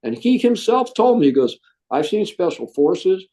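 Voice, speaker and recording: In an interview, a middle-aged Marine veteran tells his story with animation, acting out the voices of people he quotes. His pitch is high and his pace moderate.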